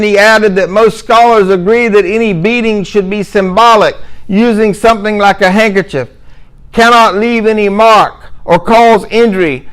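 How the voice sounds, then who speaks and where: A middle-aged man delivers a religious lecture in a fairly high voice. He repeats key points for emphasis and slips in dry, sarcastic asides. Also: low-quality recording. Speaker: Muslim speaker giving a talk.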